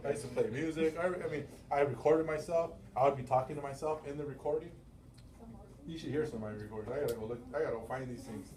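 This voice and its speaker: Middle-aged male sales boss, loud storyteller, room echo, mic off at a distance. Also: medium pitch, fast, a crowd in the background. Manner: animated storytelling, acting out quotes; loose, profane, laughing often. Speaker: sales manager and business owner. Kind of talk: motivational team meeting talk. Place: meeting room. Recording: roomy, from far off the mic.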